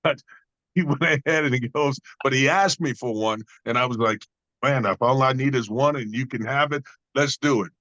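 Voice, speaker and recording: A man's voice: mid-range voice, normal speed, a bit bright, no echo, lo-fi sound. A man telling a personal story in a conversation, earnest and preacher-like in his cadence. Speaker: guest.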